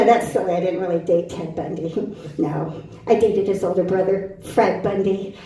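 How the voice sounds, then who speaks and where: A woman's voice: on the high side, dark tone. A middle-aged woman doing a stand-up set on a club stage, punchy and brash, bantering with the crowd. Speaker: stand-up comic. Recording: very echoey club from a distance.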